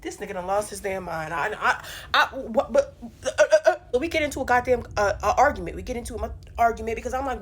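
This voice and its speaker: A young woman telling a funny personal story in a casual storytime vlog, animated and profane, with punchy delivery. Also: a little high, quick pace. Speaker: storyteller vlogger.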